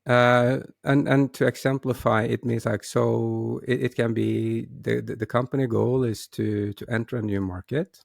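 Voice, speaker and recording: A man with a gravelly, creaky voice hosts a casual talk show on his own. He often stumbles and restarts his sentences as he talks. The sound is dry and close, with no room echo. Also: mid-range voice, steady tone, moderate pace, few pauses. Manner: hesitant, many restarts and repeated words. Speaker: host.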